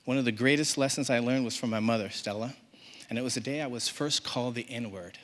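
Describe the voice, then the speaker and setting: A man reading a personal story live on a theater stage, expressive and humorous. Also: mid-range voice, a little fast. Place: theater stage before an audience.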